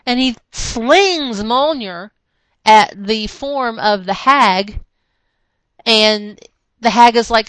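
A woman's voice: fairly high pitch, slow pace, smooth, dry recording, poor audio. A woman co-hosting a podcast, animatedly retelling a comic book story in casual talk. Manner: animated retelling, slips into character voices. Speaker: podcast co-host.

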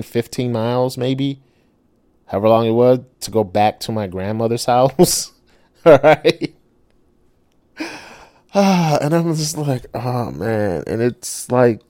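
A middle-aged man, a self-published author, telling a personal story in a casual monologue, animated and swearing with many rhetorical asides. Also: lowish voice, dry recording, studio quality.

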